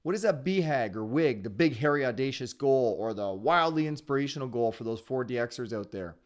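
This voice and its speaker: A man hosting a live online sales training webinar, talking fast in an upbeat, encouraging way. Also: mid-range voice, lively intonation. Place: his home area in Ontario.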